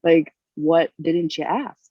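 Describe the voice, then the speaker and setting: A woman's voice: sits low, slow, dark tone. A woman guest speaking bluntly, her thoughts winding through filler words. The sound is dull and lo-fi, and dry with no room echo. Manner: rambling, frank, full of "like" and "you know". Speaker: podcast guest. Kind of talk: casual chat. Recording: muffled lo-fi sound.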